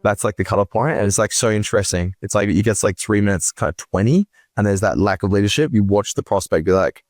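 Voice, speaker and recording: A man's voice: fairly low pitch, fast, no echo, studio quality. A man co-hosting a sales podcast in casual chat, rambling with restarts and a lot of "like" and "it's like". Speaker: podcast co-host.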